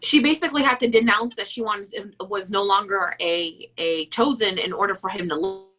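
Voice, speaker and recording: A woman's voice: medium pitch, moderate pace, pushed and bright. A woman co-hosting a casual book club chat, ranting emphatically and swearing often.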